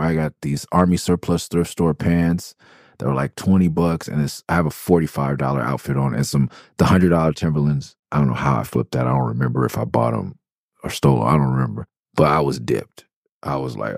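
This podcast host from LA casually recounts his early music days in rambling, profane stories, correcting himself often. He speaks in a bass voice at normal speed, with vocal fry and a darkish tone, captured in a dry, clean studio recording.

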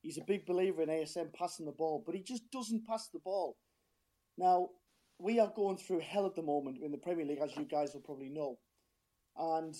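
A man's voice: on the high side, dark tone. A man calling in as a football fan, talking in a passionate, frustrated, rambling way with a strained voice. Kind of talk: casual phone-in chat.

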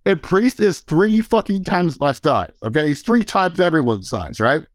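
A man's voice: fairly high pitch, sing-song, normal speed, no echo, studio quality. A man casually telling a long, profane story, acting out quoted dialogue and laughing as he goes.

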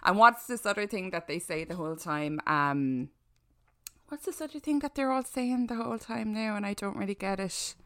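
A woman's voice: mid-range voice, normal speed, a bit bright, dry recording, studio quality. A woman co-hosting a podcast, telling a story and teasing her co-host with swearing. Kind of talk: casual chat.

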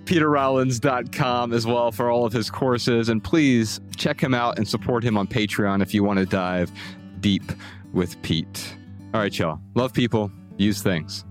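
A man's voice: mid-range voice, unhurried, soft background music. A man hosting a podcast, thanking his guest and signing off. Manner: warm thanks, relaxed plugs. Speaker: podcast host. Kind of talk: podcast sign-off.

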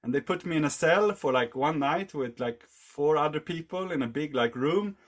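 A man's voice: on the high side, lively intonation, moderate pace. A man telling a long story in casual conversation, rambling and leaning on fillers. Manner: rambling, heavy on fillers like "like" and "you know". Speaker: podcast guest.

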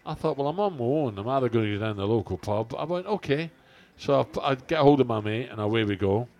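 Speaking fast in a medium-pitched, darkish voice with lively intonation, an older podcast co-host rambles through joking stories. The chat is casual and full of fillers.

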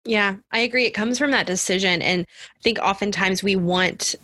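A woman hosts a podcast, warmly affirming her guest and asking her to go further. Her voice is breathy, her pitch sits in the middle, and the recording is dry and close. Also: normal speed, no room sound. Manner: affirming, encouraging interviewer. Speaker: podcast host. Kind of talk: podcast interview.

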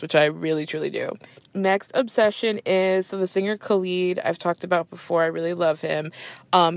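A woman's voice: on the low side, no room sound. A young adult woman hosting a podcast in a casual, chatty way, laughing often and saying "like" a lot. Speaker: podcast host. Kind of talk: casual chat.

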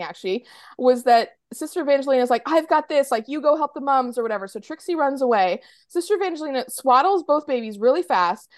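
Chatty woman, bright voice. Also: on the high side, dry recording, clean studio sound. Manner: chatty, lots of fillers, acts out quotes. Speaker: podcast co-host. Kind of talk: casual chat recapping a TV episode.

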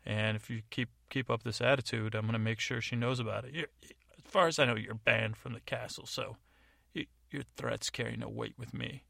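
A man's voice: medium pitch, steady tone, moderate pace, vocal fry, sharp tone, no echo, full character voice. A man voicing a scheming, imperious middle-aged stepmother in a storybook, close to his own voice. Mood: haughty.

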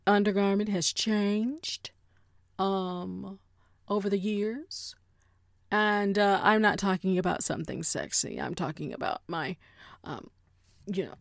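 Animated, playful woman on a dry mic. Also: mid-range voice, unhurried, gravelly, no room sound. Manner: animated, playful, acts out quotes in exaggerated voices. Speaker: podcast host. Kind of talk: casual comedic commentary.

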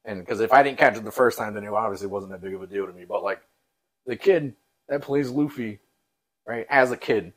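A man co-hosting a podcast in loose, slangy casual chat, laughing loudly at his own jokes. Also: lowish voice, fairly quick, low-quality recording. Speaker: podcast co-host.

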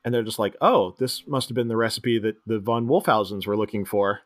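A man co-hosting a casual movie chat, retelling scenes and jumping into squeaky impressions of the characters, often laughing. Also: brisk. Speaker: podcast co-host.

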